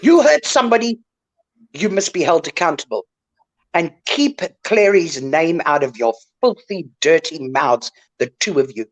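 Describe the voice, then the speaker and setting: A woman's voice: deep voice, animated, a little slow. An older woman on an online call, ranting indignantly and lecturing someone in a live chat. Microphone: online call mic.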